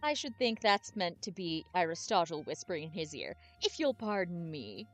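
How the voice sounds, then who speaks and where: A woman voicing a polite male butler in a game, speaking softly and formally. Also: on the low side, very animated, normal speed. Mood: courteous.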